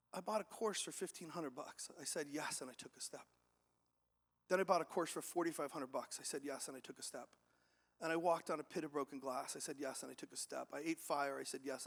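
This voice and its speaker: A man delivers a high-energy motivational keynote from a stage. He acts out other people's voices and throws questions at the crowd. His voice is high and bright, and the hall adds a long echo behind it. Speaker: keynote speaker. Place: large event hall with audience. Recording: echoey hall.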